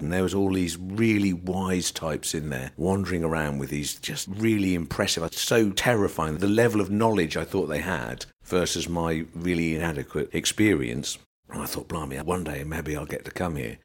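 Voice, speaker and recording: A middle-aged man with an English accent, telling old work stories on a podcast and acting out the voices of the people in them. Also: extremely low pitch. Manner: animated anecdotes, acts out voices. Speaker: podcast guest. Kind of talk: casual storytelling chat.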